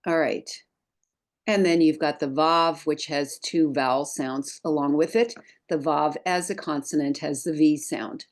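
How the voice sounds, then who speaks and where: Slow, low-voiced woman teaching Hebrew. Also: a little mellow. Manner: patient, methodical, recites letters slowly for learners to repeat. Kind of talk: screen-share Hebrew lesson.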